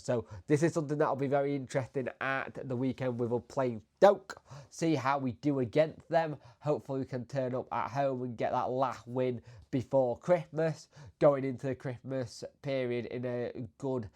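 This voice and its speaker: A man with a bunged-up, congested voice, feeling unwell and talking casually as the host of a football fan channel, chatty and rambling and trailing off quieter. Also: medium pitch. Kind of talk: casual solo video commentary.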